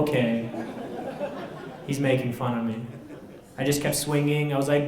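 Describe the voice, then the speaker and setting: A young man from Southern California doing deadpan, self-deprecating stand-up comedy at a college student center, with filler pauses. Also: fairly high pitch, slight background noise. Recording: echoey room.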